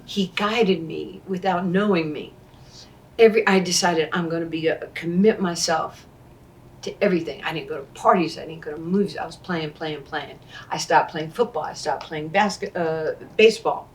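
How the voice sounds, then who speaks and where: A woman, telling animated stories and acting out what people said. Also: low voice, normal speed, far from the mic, a little hiss or hum. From Queens, New York. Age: 60s. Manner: animated storyteller who acts out quoted dialogue. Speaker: interview guest, former basketball player. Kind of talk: storytelling in conversation.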